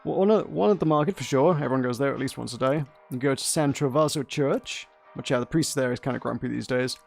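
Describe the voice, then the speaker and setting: A man's voice: mid-range voice, fast talker, vocal fry, faint music behind, natural voice. A man reading the lines of a kindly, teasing grandmother character from a narrative game, in a casual read-aloud manner.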